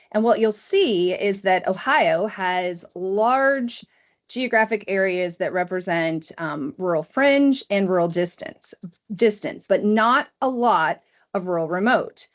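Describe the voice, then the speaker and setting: A woman presenting education research at an academic forum, walking the audience through a map step by step. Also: medium pitch.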